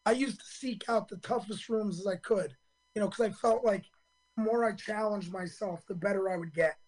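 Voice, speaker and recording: Hoarse man in his fifties, rambling. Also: high voice, moderate pace, low-quality recording. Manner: earnest and rambling, many ums and restarts. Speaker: stand-up comedian guest. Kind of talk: radio interview storytelling.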